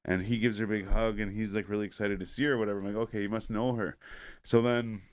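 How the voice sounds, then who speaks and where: A man's voice: lowish voice, level tone, fast talker. A man telling a story in casual podcast chat, rambling and profane, filling it with "like" and acting out other people's lines.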